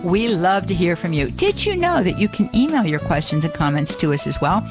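A woman hosting a live call-in radio show, chatty and upbeat, laughing often and reading out phone numbers slowly. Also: lowish voice, big pitch swings, music in the background. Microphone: studio microphone. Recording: dry studio sound.

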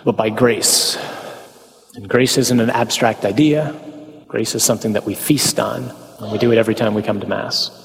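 A man's voice: fairly low pitch, steady tone, normal speed, gravelly, big-room sound. A man giving a conversational talk on the Mass to a parish group, asking rhetorical questions, tagging lines with "huh?" and slipping in folksy humorous asides.

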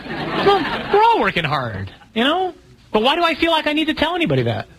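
A man, a priest, teaching a live audience in a relaxed, humorous way, asking questions and telling stories. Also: very high voice, brisk, noisy background. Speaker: Catholic priest.

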